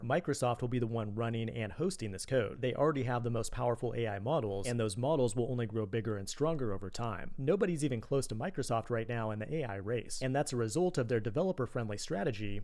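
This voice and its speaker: Fast, dry male tech narrator. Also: mid-range voice, animated, darkish tone. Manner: dry, quick, witty delivery. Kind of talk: scripted narration.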